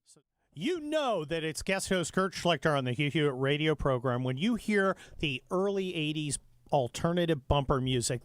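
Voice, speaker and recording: A man's voice: fairly high pitch, big pitch swings, moderate pace, smooth, no room sound, clean studio sound. A middle-aged man guest-hosting a talk radio show, speaking fervently and heatedly with frequent restarts.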